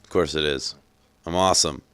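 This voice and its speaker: A man's voice: rumbling low, fairly quick, a bit bright, clean tone. A man hosting a gameplay walkthrough, talking casually with profane jokes. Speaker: gaming channel host. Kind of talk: gameplay commentary.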